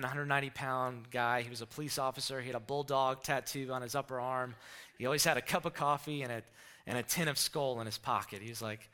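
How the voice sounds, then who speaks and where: A man preaching a sermon, telling a story and acting out the shouted lines of the people in it. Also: medium pitch. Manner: animated storyteller, acts out shouted quotes.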